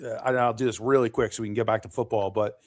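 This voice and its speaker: A man's voice: lowish voice, steady tone, fast. A man in his fifties co-hosting a sports talk show, chatting in a blunt, opinionated way. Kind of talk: casual chat.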